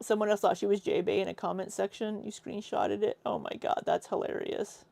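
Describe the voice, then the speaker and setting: A woman's voice: mid-range voice, steady tone, normal speed, vocal fry, warm tone, dry recording. Sarcastic woman commentator, dry close mic. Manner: sarcastic, skeptical asides. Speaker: commentary channel host. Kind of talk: reaction commentary.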